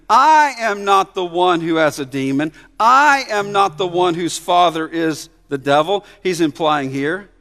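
Male pastor, expository sermon, high voice; swings from emphatic loud peaks to hushed asides, stutter-restarts; long hall reverb. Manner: repeats words when restarting phrases.

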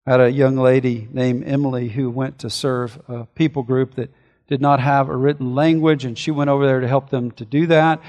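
A man preaching a sermon as a pastor, earnest, swinging between forceful declarations and hushed, slowed reflection. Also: mid-range voice, flat delivery, in a large hall.

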